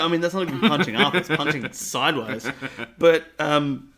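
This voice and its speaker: A man's voice: a little high, normal speed, pushed and bright. Rambling man in podcast banter. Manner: rambling, hesitant with many fillers. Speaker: podcast co-host. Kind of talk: casual chat.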